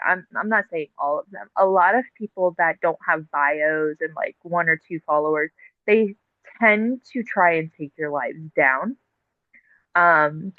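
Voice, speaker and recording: A woman's voice: on the low side, no room sound. Woman talking over a tinny phone line. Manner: halting, filler-heavy, explanatory. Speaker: podcast guest, TikTok live host. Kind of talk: casual conversational interview.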